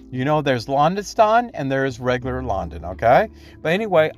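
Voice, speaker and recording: A man with a slightly raised voice holds forth alone on his podcast, rambling and indignant. He keeps checking in with "okay?" and stumbles through fillers and restarts, with faint music under him. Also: a little high. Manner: rambling, tags points with "okay?". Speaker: podcast host. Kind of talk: solo opinion commentary.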